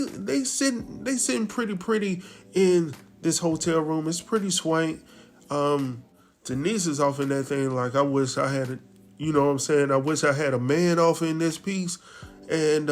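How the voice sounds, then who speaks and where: A man casually retelling a TV episode, slipping into the characters' lines as he goes. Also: a little high. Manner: laid-back storytelling, acts out characters' lines. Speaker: recap host.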